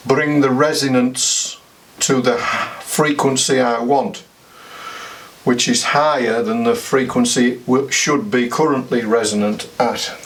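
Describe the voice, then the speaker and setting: Working on an antenna and soldering, an older amateur radio hobbyist from the United Kingdom chats and thinks out loud. His voice is medium in pitch and slightly bright. Background noise is clear, and the mic sits at a distance.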